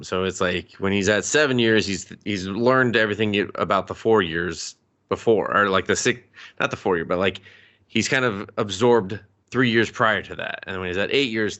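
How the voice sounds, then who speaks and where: A man's voice: fairly low pitch, fairly bright tone. A man co-hosting a podcast, chatting casually as he retells a movie and acts out the characters' lines. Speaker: podcast co-host. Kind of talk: casual movie review chat. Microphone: podcast microphone.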